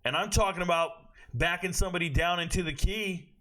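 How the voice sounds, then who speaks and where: A young man hosting a fight prediction talk, brash and animated, full of slang and trash talk. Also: high-pitched, a little fast. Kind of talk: casual sports commentary.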